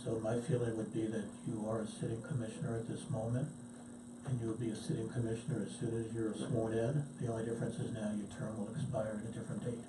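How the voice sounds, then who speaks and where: A man in a county meeting talks through a question deliberately, reasoning it out aloud. He sits back from the mic, so his voice sounds distant and roomy, with a clear hiss behind it. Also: fairly low pitch, level tone. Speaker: county commissioner. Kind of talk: meeting discussion. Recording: echoey room from far off, clear hiss.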